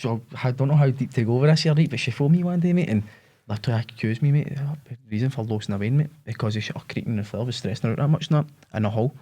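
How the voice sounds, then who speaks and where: A man's voice: mid-range voice, racing, warm tone. A Scottish man, a business owner and podcast guest, telling a rambling story in casual, sweary chat and saying "mate" constantly.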